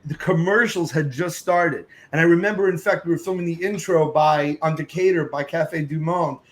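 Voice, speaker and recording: A middle-aged man on a podcast, telling a story with real energy. His voice sits a little high, and he breaks into other people's voices as the tale goes on. He curses casually and talks in quick, loose bursts. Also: rough recording. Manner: lively storyteller who acts out other voices and sings snatches. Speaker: podcast guest. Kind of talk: animated storytelling.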